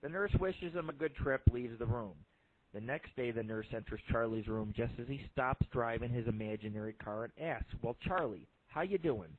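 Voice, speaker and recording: A man's voice: mid-range voice, moderate pace, no echo. A man hosting an internet radio show, telling crude jokes in a rambling, profane monologue full of fillers. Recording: phone-like lo-fi line.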